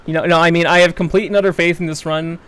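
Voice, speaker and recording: A man's voice: on the high side, little pitch movement, fast, a bit bright, clear, resonant tone. A young man commenting live on his gameplay, yelping and pleading in danger and joking with sarcastic bravado. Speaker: streamer.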